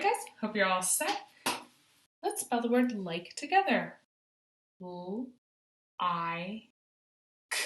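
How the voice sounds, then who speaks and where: Woman kindergarten teacher, encouraging sing-song praise, very slow careful pace, echoey room. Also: medium pitch, background noise. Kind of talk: online phonics lesson for young children.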